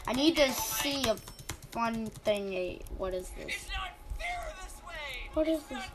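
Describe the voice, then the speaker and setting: A woman's voice: on the high side, lively intonation, slow pace, background noise. A young woman rambling through casual, silly game commentary, easily surprised, with game music playing behind.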